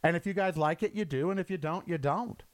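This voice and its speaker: A middle-aged man hosting his own show, ranting angrily and profanely, swinging from loud outbursts to low, weary asides. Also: brisk, no echo. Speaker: show host. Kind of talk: impassioned political rant.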